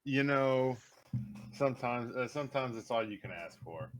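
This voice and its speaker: A man's voice: mid-range voice, animated, moderate pace. A man co-hosting a casual chat, easygoing with brief replies. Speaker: podcast co-host.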